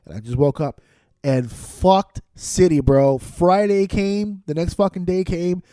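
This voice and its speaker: A man hosting a podcast, telling a loud, angry, profane comic rant into a studio microphone. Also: high voice, a little slow, no room sound. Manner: loud, angry, swearing storyteller. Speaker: podcast host.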